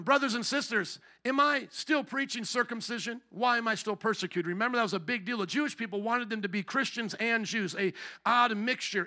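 A man's voice: sits high, bright, forceful tone. A man preaching a sermon as pastor, putting emphatic rhetorical questions to his congregation.

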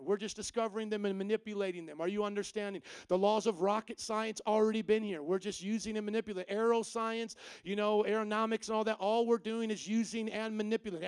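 A man preaching a sermon, animated and full of rhetorical questions to the congregation. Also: high-pitched, smooth, no room sound. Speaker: pastor.

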